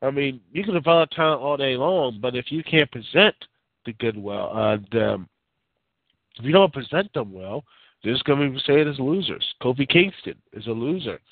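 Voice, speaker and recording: A man's voice: mid-range voice, expressive, normal speed, no echo. A man hosting a casual call-in talk show, giving rambling, opinionated takes full of fillers and restarts. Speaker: podcast host. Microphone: phone line. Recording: tinny phone-line audio.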